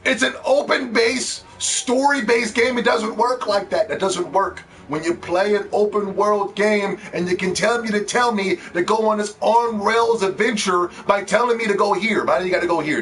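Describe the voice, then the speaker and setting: High-voiced man ranting about games. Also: a bit bright. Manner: profane, scornful, mocking. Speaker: video game commentator. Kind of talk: ranting game commentary.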